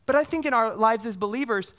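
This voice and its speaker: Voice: mid-range voice, fast talker, fairly bright tone. An earnest pastor delivers a sermon in a mid-range voice. The preacher keeps asking the congregation questions and repeats words for emphasis.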